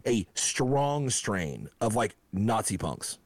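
A man's voice: fairly low pitch, sing-song, takes it slowly, dry recording. A man in casual podcast chat, telling stories in a laid-back way full of fillers. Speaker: former touring band member.

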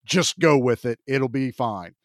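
A man's voice: mid-range voice, measured pace, dry recording, clean studio sound. A man co-hosting a podcast in a casual, chatty and joking way. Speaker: podcast co-host.

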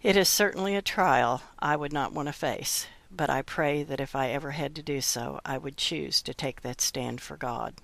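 A woman hosting a Bible podcast, reading scripture and giving devotional teaching in a measured, earnest way. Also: low-pitched, vocal fry, fairly bright tone. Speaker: host.

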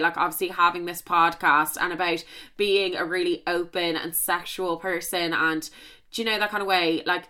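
A young woman tells a story on her podcast in a frank, emphatic way and swears freely. Her voice is fairly low for a woman but bright and forceful. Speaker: podcast host.

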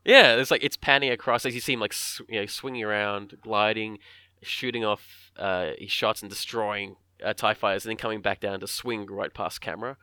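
A man with a fairly low but bright, forceful voice, chatting casually about a film and jumping into voices to act out the characters' lines. The sound is dry and close to the mic, with no room around it. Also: fairly even intonation, brisk, smooth, no echo.

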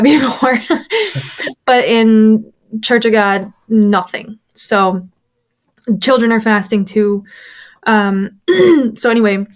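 Candid woman telling a personal story. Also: mid-range voice. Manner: candid, chatty, fillers and restarts, acts out quoted voices. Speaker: former church member telling her story. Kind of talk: casual interview storytelling.

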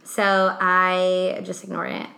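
A young woman co-hosting a podcast, telling stories in a chatty, animated way with lots of "like". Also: on the low side, slow, creaky. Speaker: podcast co-host. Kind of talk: casual chat. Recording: echoey room.

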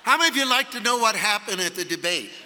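A man preaching a sermon at a conference, telling a story emphatically and rising to shouts. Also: sits high, lively intonation, fast talker, a little hiss or hum. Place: large conference hall. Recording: long hall reverb.

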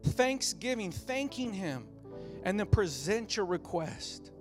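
High-voiced man preaching over soft music. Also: big pitch swings, slow. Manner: passionate preaching, repeating phrases and building cadence. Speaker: pastor. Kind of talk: sermon.

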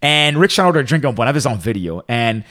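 Fast-talking man telling stories. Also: medium pitch. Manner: animated storyteller, acts out quotes. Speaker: podcast co-host. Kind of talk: casual chat.

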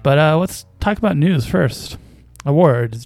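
A man's voice: a little high, expressive, a little slow, creaky, darkish tone, no echo. A man casually commenting on basketball news as a podcast host, with a hesitant, wry delivery full of fillers and small chuckles.

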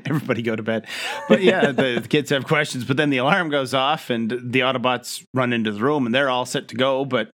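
A young adult man co-hosting a casual recap. He talks in an easygoing way, chuckles, and fills pauses with "uh." His voice is mid-pitched and ordinary. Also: fairly even intonation, fairly bright tone. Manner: easygoing, chuckling, hesitant fillers. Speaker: podcast co-host.

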